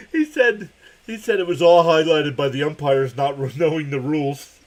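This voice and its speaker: A young man hosting a live stream, giving casual play-by-play of a baseball game, reading viewer comments and laughing often. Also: unhurried. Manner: laughs often while calling pitches and reading chat.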